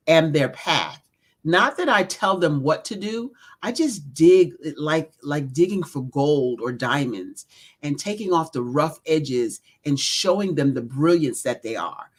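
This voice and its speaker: A middle-aged woman, an executive coach and author, speaking as an interview guest in an earnest, measured way. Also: low-pitched. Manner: earnest, measured, lists things.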